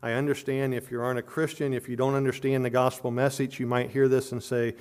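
A man's voice: level tone, fast, a little mellow. Earnest male preacher, emphatic. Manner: earnest preaching with frequent word repetitions and restarts; rises in pitch and volume on emphatic points. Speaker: pastor. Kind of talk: sermon.

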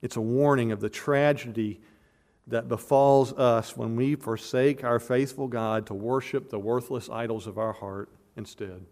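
An earnest man delivers an expository sermon with a mid-pitched voice. He is emphatic, pressing his points hard and often restarting or repeating words as he builds. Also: fairly even intonation, a little slow, darkish tone. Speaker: pastor.

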